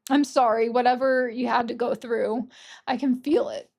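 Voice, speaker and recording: A woman doing a casual, gentle pick-a-card tarot reading, gushing over the cards and openly emotional. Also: fairly high pitch, steady tone, normal speed, vocal fry. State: tearful at times. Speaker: tarot reader.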